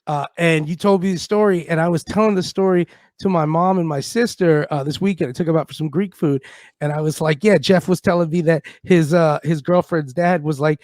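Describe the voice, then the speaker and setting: A man with a high, bright voice co-hosts a radio comedy show. He tells animated stories and slips into other people's voices as he goes. The studio sound is close and dry. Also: fairly quick, no echo. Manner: animated storyteller, acts out voices. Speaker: radio co-host. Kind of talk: casual comedy chat.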